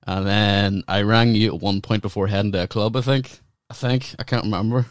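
Low-voiced swearing comedian telling stories. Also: male voice, level tone, brisk, dry recording, studio quality. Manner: profane, rambling storyteller. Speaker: comedian and podcast co-host. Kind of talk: casual podcast chat. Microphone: video call.

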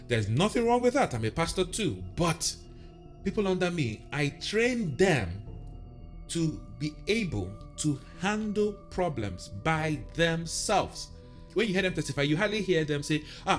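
A man preaching as a pastor on a podcast, emphatic and shifting between loud declarations and softer asides. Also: on the high side. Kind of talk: podcast sermon.

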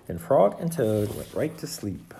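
A reader narrating a children's storybook aloud. The delivery is slow and unhurried, with a lively rise and fall in pitch. Every line is spoken clearly and expressively, as if reading to young children. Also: a little hiss or hum.

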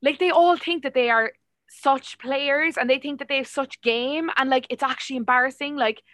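Bright, opinionated Irish woman, dry sound. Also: high-pitched, moderate pace, no echo. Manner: animated, opinionated, heavy filler "like". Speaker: podcast co-host. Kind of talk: casual chat.

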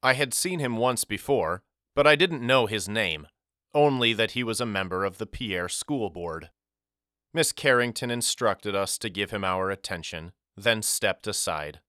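A man reading a novel aloud as a narrator, in a measured, reflective storytelling manner. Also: lowish voice, animated, sharp tone, no echo, clean studio sound. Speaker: audiobook narrator. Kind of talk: scripted first-person narration.

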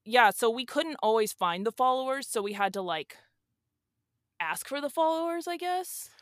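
A woman's voice: on the high side, lively intonation, normal speed, dry recording, clean studio sound, natural voice. A woman playing a young, rich, airheaded male influencer who talks in a slangy, rambling, defensive drawl as a guest on a comedy podcast. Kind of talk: improvised comedy podcast sketch.

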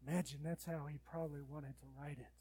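A man preaching a sermon as pastor, swinging between loud urgent appeals and quiet pleading, then leading a prayer. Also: a little high, fairly even intonation, a little fast, slightly rough, no room sound.

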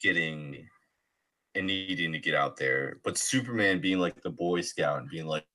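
A man co-hosting a casual comedic chat, laid-back and building absurd bits with quick asides. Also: low voice, sharp tone.

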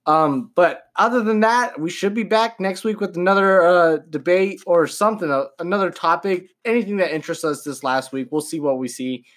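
A man's voice: high-pitched, normal speed, few pauses, a bit bright. Laughing, rambling young male podcast host. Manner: laughs often, loose and rambling. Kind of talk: casual podcast chat.

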